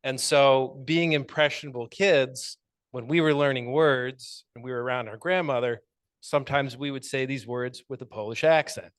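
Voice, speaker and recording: A man giving an impromptu answer at a speaking club, thoughtful and measured, with some hesitant fillers. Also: medium pitch, smooth, dry recording. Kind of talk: impromptu speech.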